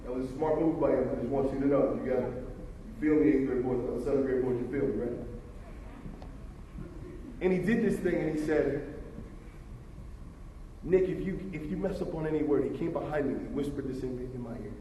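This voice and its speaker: A motivational speaker telling personal stories at a school assembly, with emphatic delivery that drops to a hush. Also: male voice, medium pitch, moderate pace, pauses often, slight background noise. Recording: roomy reverb, distant from the mic.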